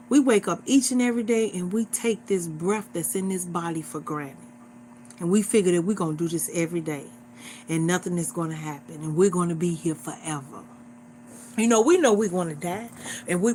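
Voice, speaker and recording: A woman's voice: on the low side, darkish tone, slight background noise. Earnest woman in her forties exhorting viewers. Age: 40s. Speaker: livestream host. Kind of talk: casual livestream preaching.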